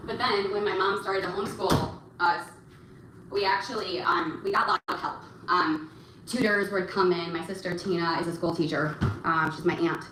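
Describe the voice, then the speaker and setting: A young woman hosting a casual livestream and answering chat, talking in a rambling, halting way with many fillers and restarts. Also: lowish voice, fairly even intonation. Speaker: livestream host reading chat. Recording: roomy echo, faint background noise.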